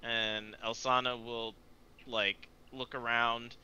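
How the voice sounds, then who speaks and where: A man running a tabletop game as game master, halting and searching for words as he describes scenes. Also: mid-range voice, level tone, bright, forceful tone, highs cut off, slight background noise.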